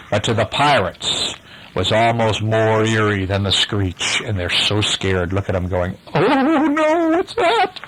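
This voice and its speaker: A man's voice: medium pitch, a bit bright, a little hiss or hum, rough recording. An older man reading a bedtime story aloud to a child, with casual asides to the listener.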